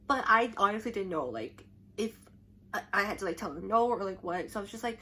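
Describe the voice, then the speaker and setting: A woman's voice: mid-range voice, animated, brisk, sharp tone. A young adult woman vlogging to camera, telling a story in a chatty, rambling way full of "like" and restarts.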